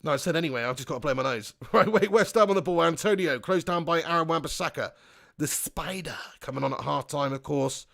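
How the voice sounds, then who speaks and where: A man hosting a live football watch-along, reading out chat comments and shouting at the big chances. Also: fairly high pitch, fairly quick, creaky.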